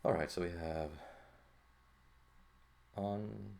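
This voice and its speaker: Male teacher, very deep voice with vocal fry, informal recorded lesson, thinks aloud as he writes. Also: unhurried. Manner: casual, thinking aloud with frequent "okay?" and "right?" checks. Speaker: Greek teacher.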